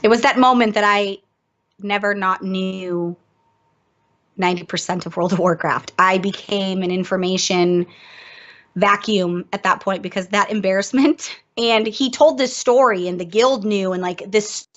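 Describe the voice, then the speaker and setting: A woman guest on a podcast telling a story in a casual, animated way, poking fun at herself and laughing as she goes. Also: medium pitch, unhurried. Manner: animated, self-mocking, laughs through the story. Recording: dull lo-fi audio.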